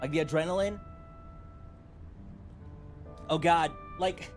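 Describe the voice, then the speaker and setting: A young man chatting excitedly on a livestream, rambling and jumping between shouting and mumbling. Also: on the high side, measured pace, pauses often, soft background music. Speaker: streamer. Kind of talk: excited casual livestream chat.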